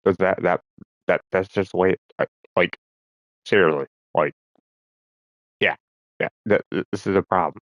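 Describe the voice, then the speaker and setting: A man's voice: sits low, steady tone, moderate pace, pauses often, dry recording, muffled recording. A man vlogging in a rambling, profane monologue, as if talking to himself.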